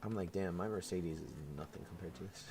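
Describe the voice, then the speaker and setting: A man's voice: sits low, fairly quick, background noise. A young man streaming, telling a work story in casual chat with lots of laughs. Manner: animated storytelling with frequent laughs.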